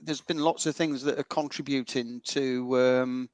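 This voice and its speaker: A man's voice: mid-range voice, steady tone, measured pace, darkish tone, no room sound. A man co-hosting a football fan podcast, thoughtful and hesitant with frequent ums. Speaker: podcast co-host. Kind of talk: casual fan podcast chat.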